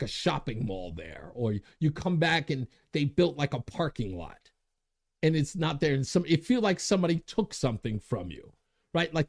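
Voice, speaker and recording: Male host, commentary monologue, high pitch, very lively delivery. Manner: worked-up, laughing at himself, big pitch swings. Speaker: radio show host.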